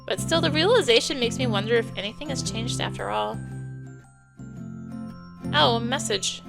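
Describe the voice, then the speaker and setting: A woman hosting a let's play, reading a visual novel aloud with steady expression, game music behind. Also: fairly high pitch, normal speed, creaky, long pauses.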